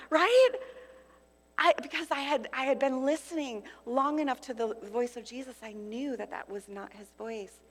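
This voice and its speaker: A woman in her fifties preaching at a conference in an expressive way, with loud declarations and hushed asides. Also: on the high side, normal speed. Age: 50s. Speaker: conference speaker. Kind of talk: sermon. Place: large conference hall. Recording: long hall reverb.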